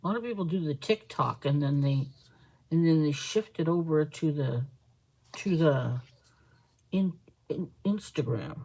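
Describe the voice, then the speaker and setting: A woman's voice: sits low, expressive, measured pace, pauses often, mellow, poor audio. A woman hosting a casual live stream, rambling and chatting with viewers as she reads their comments aloud. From Canada. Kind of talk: casual live-stream chat while crafting.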